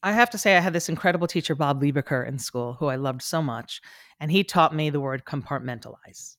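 A woman's voice: low voice, a little fast, no echo. Earnest woman in a dry podcast interview. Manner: reflective, earnest, with frequent restarts. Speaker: guest, stage actor and coach.

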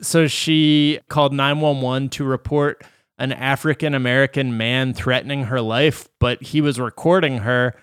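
A man with a smooth, clear voice, hosting a podcast conversation. He lays out a story with dry sarcasm and little laughs. The sound is close and dry. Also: medium pitch, steady tone, moderate pace, fairly bright tone, no room sound. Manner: sardonic, laughing asides. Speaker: podcast host. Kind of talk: casual podcast chat.

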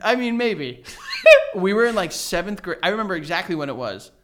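A man in his thirties co-hosting a podcast, telling stories in casual chat and breaking into loud bursts of laughter. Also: sits high, sing-song, fairly quick, a little hiss or hum. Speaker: podcast co-host.

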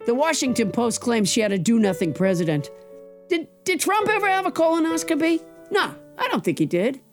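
A woman's voice: a little high, very animated, fairly quick, faint music behind. A woman co-hosting a comedy podcast, delivering dry wisecracks and comic asides. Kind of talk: stand-up style comic monologue and banter.

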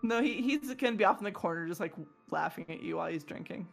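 A woman co-hosting a casual gaming podcast, bubbly and quick to laugh. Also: lowish voice, expressive, vocal fry, soft background music. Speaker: podcast co-host.

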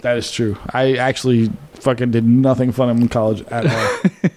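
A man in his forties co-hosting a podcast, a little drunk, swearing loudly in rowdy banter. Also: medium pitch, level tone, moderate pace. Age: 40s. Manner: loud, swearing, rowdy, laughing often. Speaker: podcast co-host. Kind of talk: casual profane banter.

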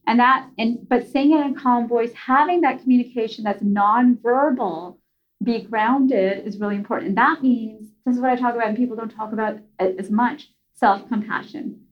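A woman guest tells a story in a chatty, easygoing way. She backtracks and fills gaps with words as she goes. The audio sounds slightly muffled. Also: fairly high pitch. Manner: chatty, with many fillers and restarts. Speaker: podcast guest. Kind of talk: casual storytelling conversation.

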